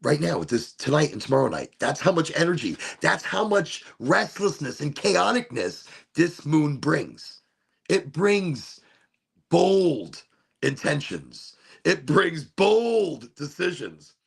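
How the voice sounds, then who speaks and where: A man in a casual, rambling vlog monologue, talking slowly and emotionally with restarts and sighs, indoors at home. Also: on the high side, very animated, gravelly, breathy edge. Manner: slow, dreamy and emotional, with many restarts and sighs. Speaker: vlogger.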